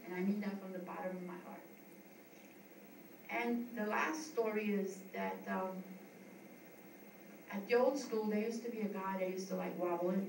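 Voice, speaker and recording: A woman's voice: medium pitch, fairly even intonation, normal speed, vocal fry, pauses often, darkish tone. A middle-aged woman from the US East Coast, a yoga school founder giving a heartfelt, rambling tribute speech with frequent restarts. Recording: echoey room, distant mic, noisy.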